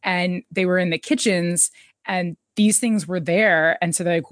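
A woman's voice: fairly low pitch, animated, moderate pace, no room sound, clean studio sound. A woman co-hosting a casual chat, recapping a TV episode with an easy, enthusiastic manner. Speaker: podcast co-host.

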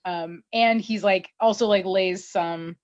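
A woman casually recapping an episode, telling it in an animated way with lots of "like" and laughter. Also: medium pitch, slow, dry recording. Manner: animated storytelling with many fillers and laughs. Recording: dull, slightly muffled dry audio.

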